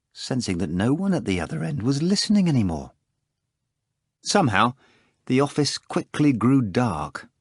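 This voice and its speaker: A man reading an audiobook, with a lowish voice and animated, rolling intonation. He tells the story with clear expression on a close microphone, in a dry, dead sound. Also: dry recording. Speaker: audiobook narrator. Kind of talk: scripted audiobook narration.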